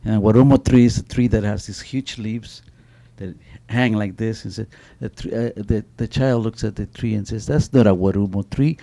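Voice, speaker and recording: A man's voice: on the low side, fairly even intonation, moderate pace, gravelly, hardly any pauses, warm tone. A middle-aged man speaking on an author panel, telling stories animatedly with many restarts and a repeated "you know.". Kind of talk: panel talk with spoken storytelling.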